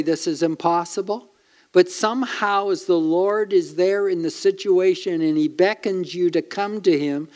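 A man preaching a sermon as pastor, earnest and emphatic, with dramatic pauses. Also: fairly high pitch, darkish tone.

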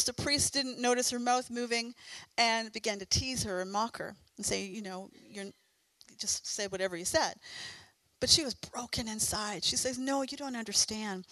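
A woman's voice: on the high side, bright, forceful tone, no room sound, rough recording. Earnest, fervent woman preacher. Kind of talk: sermon.

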